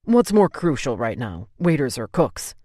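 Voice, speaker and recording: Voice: mid-range voice, very animated, measured pace, warm tone, dry recording, studio quality. A narrator voicing a meticulous adult man who owns a restaurant, speaking in a clipped, terse way. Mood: curt.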